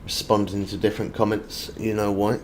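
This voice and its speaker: A man's voice: fairly low pitch, level tone, brisk, a little hiss or hum. A British man from the UK streaming a fishing game, chatting casually and answering viewer comments as he plays. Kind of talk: casual live-stream chat.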